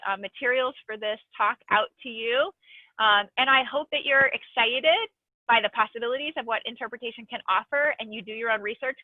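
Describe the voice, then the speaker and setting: A middle-aged woman park ranger giving an online training talk, telling stories and answering questions with an earnest, expressive manner and many fillers. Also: mid-range voice, no echo. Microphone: video call over a phone-like line. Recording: dry, tinny phone-line audio.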